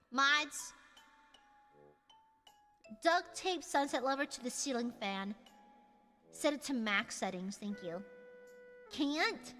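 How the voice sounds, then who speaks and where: A woman hosting a casual livestream and reading chat, with dramatic, shouty mock outrage and playful insults. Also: high voice. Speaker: streamer host reading chat. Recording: long reverb with music behind.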